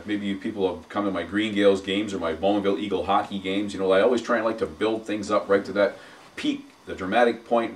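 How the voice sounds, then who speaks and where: A deep, low-pitched man chats about sports in halting bursts, with fillers between his phrases. He sounds set back from the microphone. His energy rises as he talks up the coming season. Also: far from the mic. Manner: halting, many fillers, builds hype. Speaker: podcast co-host and arena announcer. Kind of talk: casual sports chat.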